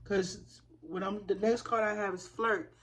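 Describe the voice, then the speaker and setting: A woman's voice: mid-range voice, steady tone, measured pace. A woman giving a spiritual tarot reading in a fervent, preacher-like way, calling her listeners y'all. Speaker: tarot reader.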